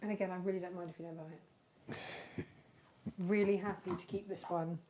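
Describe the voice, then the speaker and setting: With a fairly low, dark voice and a steady tone, she speaks a little fast over slight background noise. As host of a live crafting channel, she chats casually about her handmade bags for sale, rambling with fondness for her creations.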